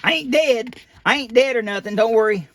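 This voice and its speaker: A man's voice: very high-pitched, brisk, fairly bright tone, pitched above the performer's own voice. A man voicing a goofy, childlike male puppet in a folksy storybook reading. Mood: cheerful.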